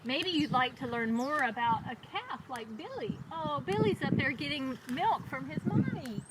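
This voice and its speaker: A woman librarian reads a storytime in a high, lively, sing-song voice, pacing her words slowly for small children. She sounds far from the microphone, with loud outdoor noise behind her. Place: outdoors on a farm.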